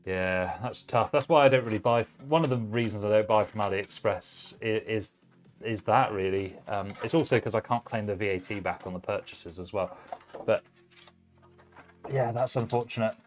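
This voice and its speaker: A man's voice: fairly low pitch, normal speed, faint music behind. A man hosting a live stream, chatting casually with viewers while building a PC. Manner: chatty, relaxed, reads chat messages aloud while working. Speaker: livestream host building a PC.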